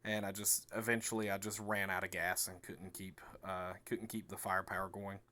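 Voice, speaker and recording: A young man with a lowish voice talks through a card game match in an easygoing, chatty way. He slips into quick acted-out lines for himself and his opponent as he goes. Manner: relaxed and chatty, acting out both players' remarks. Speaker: card game video creator. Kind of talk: casual match recap commentary.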